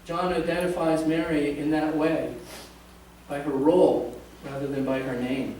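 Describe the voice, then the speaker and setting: A male pastor gives a conversational sermon in a church sanctuary, joking with the congregation. His voice is a little high and warm, with little pitch movement and a slightly slow pace, heard from a distant mic with roomy reverb and a faint hiss.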